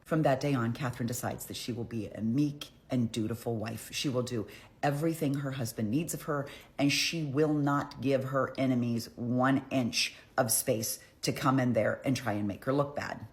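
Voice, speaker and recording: A woman's voice: rumbling low, steady tone, moderate pace. A woman telling a history story in a casual, irreverent, profane, chatty way.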